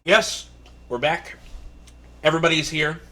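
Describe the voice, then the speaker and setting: A man's voice: a little high, steady tone, a little slow, pushed and bright. A man acting as game master, casually recapping the last session in a loose, rambling way.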